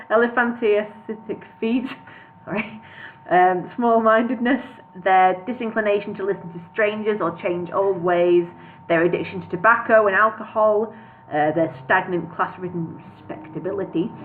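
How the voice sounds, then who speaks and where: Woman reading a comic novel at home, mid-pitched, relaxed and chatty, tinny lo-fi sound with light hiss. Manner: reads with slips, laughs and casual asides. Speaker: audiobook reader. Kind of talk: informal book reading. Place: her flat.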